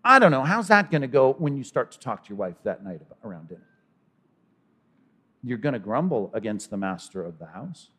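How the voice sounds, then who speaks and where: With a medium-pitched, slightly breathy voice, a pastor speaks a little fast through an expository sermon. His tone is conversational and animated, and he slips into characters' voices in asides.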